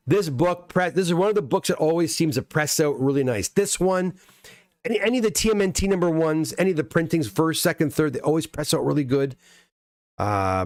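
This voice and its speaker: A middle-aged man from Canada talks through a live stream in a loose, rambling way, stopping to answer viewers. His voice sits a bit high for a man. The sound is dry and close, with no room echo. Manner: rambling, chatty, reads chat comments aloud. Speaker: livestream host unboxing graded comics. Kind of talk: casual live-stream chat.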